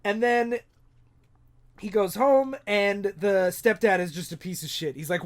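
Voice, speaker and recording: A man's voice: high voice, measured pace. A man co-hosting a podcast, casually recapping a comic book plot and quoting the characters as he goes. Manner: recaps plots, acts out characters' lines in passing. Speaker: podcast co-host.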